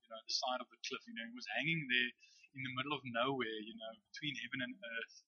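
A man's voice: mid-range voice, steady tone, fast, pushed and bright, breathy edge, no echo. A man preaching a sermon in a conversational, storytelling way, often checking with "right?". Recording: dull, dry lo-fi recording.

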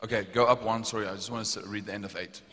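A man's voice: fairly low pitch, steady tone, quick pace, pushed and bright. A young man with a South African accent preaching a sermon, telling a story and rising to fervent emphasis. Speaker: pastor. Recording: long hall reverb.

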